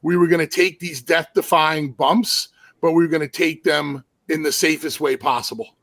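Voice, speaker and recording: Brief: gravelly male podcast guest, higher pitch, dry close sound, emphatic recounting. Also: steady tone, normal speed, fairly bright tone, dry recording. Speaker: guest wrestler. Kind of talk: casual chat.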